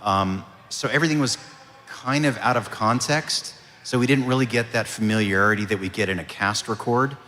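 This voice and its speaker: A man, a voice actor, answering audience questions at a convention panel in a relaxed, storytelling way. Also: on the low side, moderate pace, slight background noise. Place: convention hall. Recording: reverberant convention hall.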